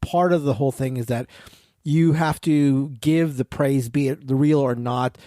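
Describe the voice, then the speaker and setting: A man co-hosting a podcast, chatting casually, quick to laugh and agree. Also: medium pitch, fairly even intonation, dark tone, no echo, clean studio sound. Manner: laughs often, short agreeable replies. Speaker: podcast co-host. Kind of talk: casual chat.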